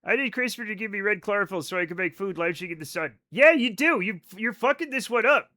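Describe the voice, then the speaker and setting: An excitable man with a high, bright voice chats casually with his stream viewers while he plays. He swears freely and keeps drifting into rambling asides. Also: fast. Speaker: livestreamer playing a space game. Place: home at night.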